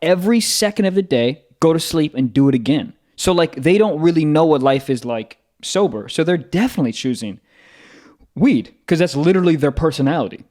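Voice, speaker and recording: A young man co-hosts a comedy podcast, his voice fairly high and bouncing all over the place. He talks fast and loose, swears freely and breaks into laughter. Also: lively intonation, darkish tone. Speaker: podcast co-host. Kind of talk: casual comedy chat.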